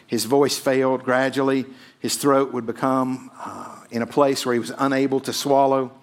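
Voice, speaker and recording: A male pastor preaching a sermon, emphatic, swelling loud and then dropping almost to a hush, often checking in with "right?". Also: mid-range voice, flat delivery, moderate pace.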